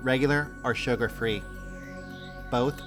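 A laid-back goofball tosses out deadpan, offhand jokes in a plain middle voice, as a man puts him on. Music plays clearly behind him in this comedy podcast bit. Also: mid-range voice, unhurried, lightly acted. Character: laid-back goofy guy named Rico.

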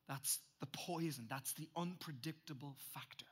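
A middle-aged male pastor preaching a sermon, swinging from loud emphatic bursts to hushed, intense asides. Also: high voice, animated, normal speed, long pauses.

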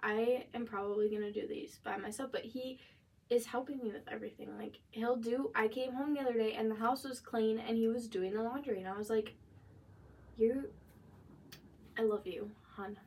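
A young woman co-hosting a podcast in casual chat, talkative and quick to laugh, with lots of fillers. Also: a little high, fairly even intonation, a little mellow. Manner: chatty, laughs easily, many "like" fillers. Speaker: podcast co-host. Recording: voice a bit distant from the mic.

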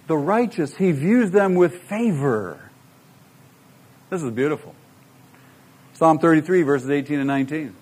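A man's voice: on the high side, animated, measured pace, pauses often, darkish tone, slightly rough. A middle-aged man preaching a sermon, emphatic and full of rhetorical questions to the congregation. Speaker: pastor.

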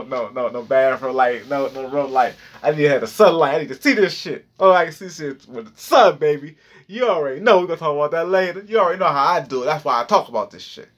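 A man hosting a podcast tells a crude freestyle story excitably, repeating words and phrases and jumping high in pitch as he relives a moment of panic.

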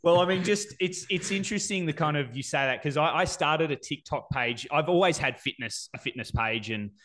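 Man, 40s, interviewer, warm, hesitant, um-filled casual chat. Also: fairly high pitch, brisk. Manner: warm, hesitant, many ums. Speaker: interviewer, fitness coach.

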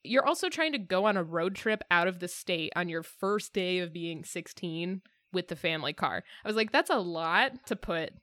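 A woman's voice: lowish voice, expressive, moderate pace, hardly any pauses, a bit bright, dry recording. A woman co-hosting a podcast, chatting casually with many fillers about a TV episode. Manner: chatty, filler-heavy reflection. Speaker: podcast co-host. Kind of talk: casual chat.

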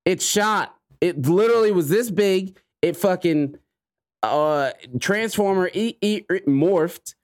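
A man hosting a casual podcast chat, excitable and swearing freely as he tells stories. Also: sits high, slow, no echo. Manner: excitable, swears a lot, animated storytelling.

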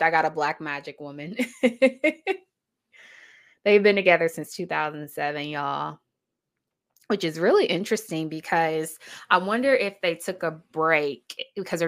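A woman's voice: sits low, a bit bright. A woman giving casual, emphatic reaction commentary, chatty and laughing often.

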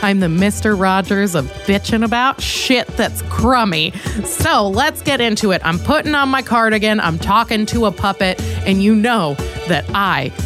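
A woman in her twenties hosting a comedic solo podcast, swearing freely and laughing at herself in an animated rush. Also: mid-range voice, moderate pace, soft background music. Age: 20s. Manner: profane, self-mocking, animated, laughs a lot. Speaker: podcast host.

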